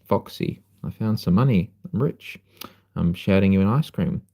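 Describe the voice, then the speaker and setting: A man's voice: deep voice, lively intonation, moderate pace, vocal fry, dark tone, full character voice. A man voicing a cheerful, generous male wombat in a children's story reading. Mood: excited.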